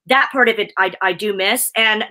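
A woman's voice: mid-range voice, moderate pace, sharp tone. A woman presenter chatting effusively in a casual video interview, laughing often. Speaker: presenter and guest.

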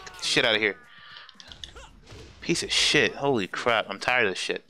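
Male streamer, bright and lively, cursing through a fighting game. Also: medium pitch, normal speed. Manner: profane, exasperated trash talk. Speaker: gaming streamer. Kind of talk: live fighting-game commentary.

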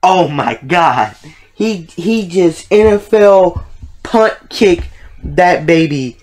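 A man's voice: sits high, animated, slow, a little mellow. A man hosting a reaction video, talking casually, exclaiming in disbelief and swearing freely.

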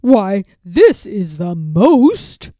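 A greedy, pompous storybook lord, as a woman reader puts him on, who booms his words and drags out his exclamations. He sounds loud against the narration and a little set back from the mic. The recording is dry and close. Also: expressive, slow pace, dry recording. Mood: gloating. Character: greedy pompous English lord, adult man.

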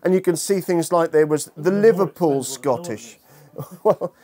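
Mellow-voiced man giving a jokey lecture. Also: fairly high pitch, unhurried. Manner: lively, humorous, chatty with the audience. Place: lecture room with an audience.

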